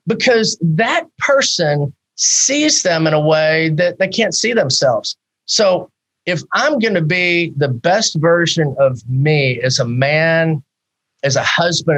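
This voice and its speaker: A man in his fifties, a psychologist guest in a podcast interview, talking in a candid, animated way with many rhetorical questions. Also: a little high, poor audio.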